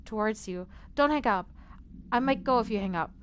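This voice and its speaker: A woman voicing a lost, eerie female caller as she reads out a call transcript in a soft, hesitant way. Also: a little high, lively intonation, normal speed, slight background noise, close to an everyday voice.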